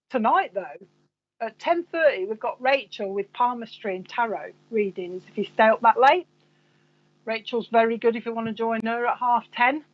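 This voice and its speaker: Her voice is on the high side, with the top end of the sound cut off. She's a psychic medium with a Coventry accent, running a live reading stream and rambling half to herself as she chats.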